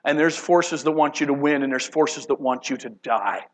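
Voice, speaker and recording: A man's voice: on the high side, moderate pace, low-quality recording. Dramatic preacher man, rising and falling. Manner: dramatic, acts out voices of God and angels, swings from loud to hushed. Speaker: pastor. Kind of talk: sermon.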